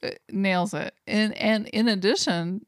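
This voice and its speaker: A woman's voice: mid-range voice, unhurried, no echo, clean studio sound. A woman co-hosting a podcast in casual chat, playful and chatty, laughing often. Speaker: podcast co-host.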